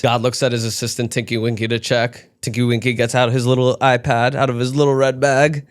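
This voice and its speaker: A young man from New York delivering an animated comedic monologue that swings between deadpan musing and sudden outbursts. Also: mid-range voice, brisk. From United States, raised in New York. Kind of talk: stand-up style comedic monologue.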